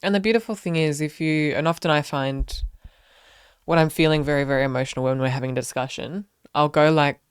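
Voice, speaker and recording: A young woman co-hosting a casual talk with her partner, reflective and calm. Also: sits low, brisk, clear, resonant tone, no echo, clean studio sound. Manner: reflective, calm, often murmurs agreement. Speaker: podcast co-host. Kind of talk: casual couple chat.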